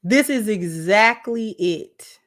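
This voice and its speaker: A woman giving casual relationship advice to camera, talking conversationally, repeating phrases and dropping low and soft for asides. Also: animated, slow pace. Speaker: relationship vlogger.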